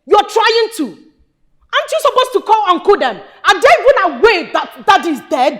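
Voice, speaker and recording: A high, lively voice belongs to a woman playing a Nigerian daughter in a film drama. She scolds her family sharply and with indignation, her pitch leaping as she speaks. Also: moderate pace, full character voice. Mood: furious.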